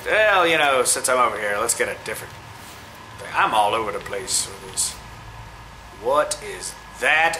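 A man talking through his gameplay in an excitable, rambling way, his pitch leaping up and down as he chats. His voice is very bright and sharp, and he slips into cooing at creatures on screen. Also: a little hiss or hum, poor audio. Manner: chatty, excitable, coos at game creatures. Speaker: gamer. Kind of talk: let's play commentary.

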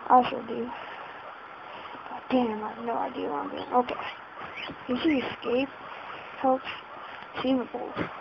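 A woman's voice: fairly high pitch, creaky, background noise. A woman giving casual let's-play commentary, flustered and exclaiming in panic as she plays. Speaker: gamer. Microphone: laptop setup. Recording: dull lo-fi home recording.

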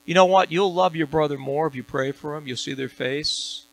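This man's voice is on the high side and creaky, moving at normal speed as he delivers a sermon as pastor in a church sanctuary. He builds toward emphatic peaks with rising call-and-response questions aimed at the congregation. The recording is rough.

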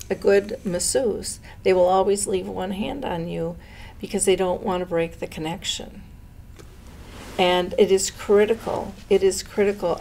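Middle-aged woman telling a heartfelt story, bit of vocal fry, acts out the quotes. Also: medium pitch, a little mellow, a little hiss or hum. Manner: earnest, dramatic retelling with voiced quotes. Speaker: dementia educator and host. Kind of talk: conversational storytelling.

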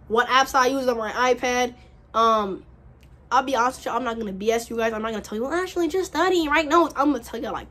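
Young woman in her early twenties, slightly high voice, slangy and earnest, casual vlog chat to camera. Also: a bit bright. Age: early 20s. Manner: slangy, earnest, encouraging, repeats phrases. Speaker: vlogger giving college advice.

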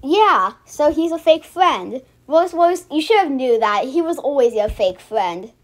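A woman's voice: high voice, lively intonation, measured pace. A young woman giving casual, mocking commentary on a cartoon episode, often stopping and restarting. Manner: chatty, restarts a lot, mocking. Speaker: reaction video host.

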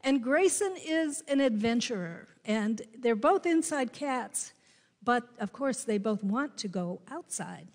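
Slow-speaking woman pastor in a reverberant sanctuary. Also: fairly high pitch, expressive. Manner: slow, gentle storytelling with emphatic rises. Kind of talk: sermon. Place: church sanctuary.

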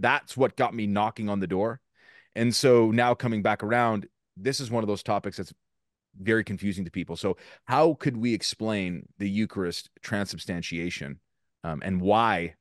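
A man's voice: lowish voice, normal speed, no room sound, clean studio sound. A man hosting a podcast, speaking earnestly about personal experience. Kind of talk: casual podcast discussion.

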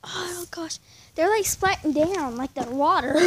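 A young woman, chatting excitedly to her phone camera outdoors in falling snow, full of "y'all" and "like". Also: extremely high pitch, takes it slowly. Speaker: vlogger. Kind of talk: casual outdoor vlog. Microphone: handheld phone camera. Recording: noisy outdoor phone recording.

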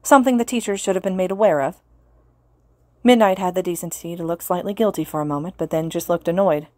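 A woman reads a fan fiction audiobook in an earnest, steady voice. Her pitch sits low, and the room sounds dry and close. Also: quick pace, no echo. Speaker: podfic reader.

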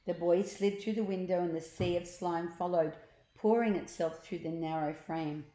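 A woman reading a children's book aloud, pausing to explain words and pictures to young listeners. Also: fairly low pitch, steady tone, dark tone. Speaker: storyteller. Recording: echoey room.

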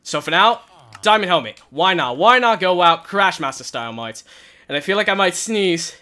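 A young man wearing a headset, giving nervous, excited gameplay commentary and crying out in panic as he plays. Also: high-pitched, normal speed. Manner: nervous, shouts and cries out in panic. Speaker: gaming channel host. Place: hot room at home.

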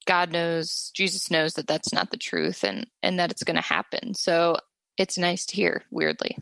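Woman panelist, lowish gravelly voice, casual, thoughtful. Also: very animated, normal speed, fairly bright tone, no room sound. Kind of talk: Bible discussion podcast.

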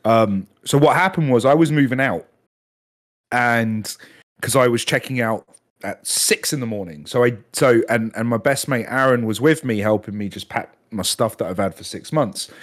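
A man in his thirties tells a story as a guest on a podcast, swearing freely and mimicking the other people involved. His pitch sits mid-range for a man. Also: normal speed. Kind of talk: casual storytelling chat.

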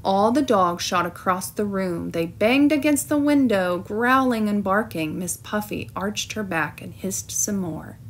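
Slow, expressive woman reading a storybook. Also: mid-range voice, a little hiss or hum. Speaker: teacher. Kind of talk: storybook read-aloud.

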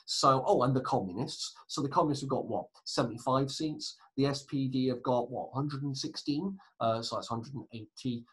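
A man's voice: medium pitch, normal speed, few pauses, husky, rough recording. A man teaching a recorded history lesson, chatty, with asides and self-corrections.

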